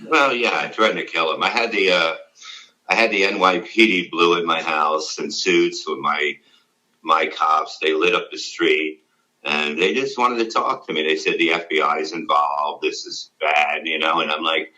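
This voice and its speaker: A middle-aged man tells long stories in an interview. His voice is very low but bright and forceful. He is blunt, swears freely, and rambles with many "you know"s. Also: normal speed, poor audio. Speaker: comedian guest. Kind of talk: casual interview storytelling.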